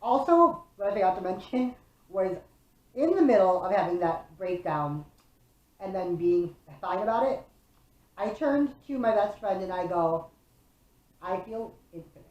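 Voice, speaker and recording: A young woman from Chicago vlogging a casual, profane, animated storytime. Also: medium pitch, measured pace. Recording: roomy echo.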